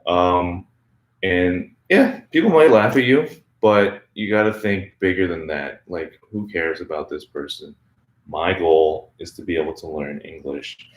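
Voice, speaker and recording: A man hosting an English-learning channel, answering viewer questions in a relaxed, chatty way full of "like" and "um". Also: low voice, a little slow, roomy sound. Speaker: English teacher, channel host.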